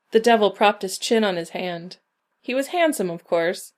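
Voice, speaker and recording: A woman narrating a short story in a measured, even reading. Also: mid-range voice. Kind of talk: scripted narration.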